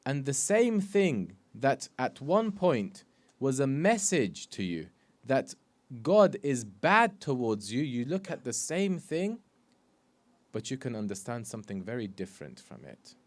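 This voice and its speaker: A man's voice: mid-range voice, sing-song, unhurried. A man, a sheikh, giving an earnest sermon full of rhetorical questions. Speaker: sheikh giving a religious talk. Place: mosque or community hall.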